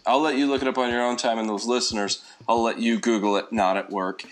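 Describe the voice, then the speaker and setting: A man's voice: mid-range voice, fairly even intonation, fast, background noise. A man in his forties co-hosting a casual podcast chat, easygoing and agreeable. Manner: easygoing, agreeable, laughs along. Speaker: podcast co-host.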